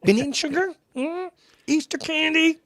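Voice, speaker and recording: A man's voice: extremely high pitch, normal speed, a bit bright, no room sound, studio quality, voice pushed up. A man putting on the voice of a fussy male dentist who coos at a child patient in sing-song baby talk. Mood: cooing.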